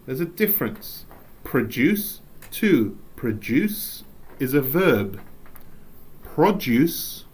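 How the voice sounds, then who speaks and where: A man from England with an English accent, teaching a recorded English lesson, reading slowly and adding playful asides. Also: mid-range voice.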